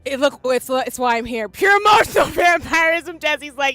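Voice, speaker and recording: A woman's voice: high voice, lively intonation, normal speed, sharp tone, dry recording. A woman game streamer reacting live, gushing and exclaiming while crying, with faint game music behind her.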